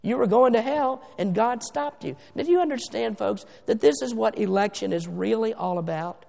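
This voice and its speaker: A male pastor delivers a sermon in a high, deeply gravelly voice. He presses his points hard, drawing words out for stress and dropping from loud declarations to near-hushed asides. His voice rings with the long reverb of a church hall. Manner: emphatic, slows down for stress, swings between loud and hushed. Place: church sanctuary.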